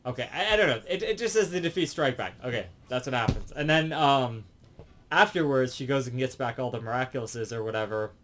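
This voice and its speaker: A man giving a rambling, casual review, halting through many fillers and restarts. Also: mid-range voice, expressive, fairly bright tone, a little hiss or hum.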